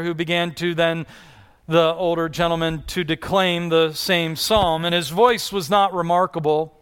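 A man's voice: sits high, a bit bright, clean tone. A man preaching a sermon in an earnest style, with rising and falling delivery and repeated questions to the congregation. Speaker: pastor.

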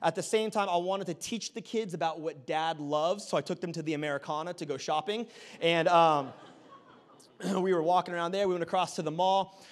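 A man in his thirties preaching a sermon, telling a family story with animated, self-deprecating humor. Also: high-pitched. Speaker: pastor.

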